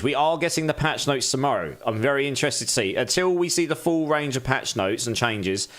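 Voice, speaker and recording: A man chatting loosely to his live stream audience. His voice sits at an ordinary middle pitch, and he talks in a candid, chatty way, thanking viewers as he goes. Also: a bit bright. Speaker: game streamer. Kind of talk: casual live-stream chat.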